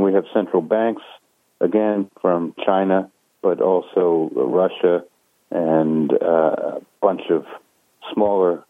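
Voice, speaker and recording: A man giving a measured phone interview as a guest analyst, pausing often with fillers. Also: low voice, dry recording. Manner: measured, hesitant with many fillers. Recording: tinny phone line.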